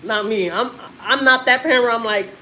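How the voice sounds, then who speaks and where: Woman vlogger in her thirties, from Texas, rambling and emphatic, casual swearing, higher voice, faint background noise. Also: a little fast, bright, forceful tone, poor audio. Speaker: family vlogger and mother. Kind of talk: casual live-stream storytelling.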